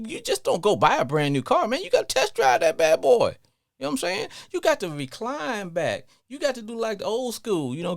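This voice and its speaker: Animated Southern man hosting sports radio. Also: high-pitched, no room sound, clean studio sound. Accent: Southern US, Louisiana. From Louisiana. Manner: animated, sing-song, laughs often. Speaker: radio talk show host. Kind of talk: call-in sports talk.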